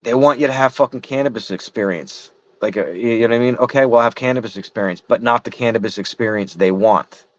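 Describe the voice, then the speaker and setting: A man's voice: medium pitch, fast, hardly any pauses, no room sound. A middle-aged man in casual chat, frustrated and rambling, swearing heavily. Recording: dull lo-fi sound.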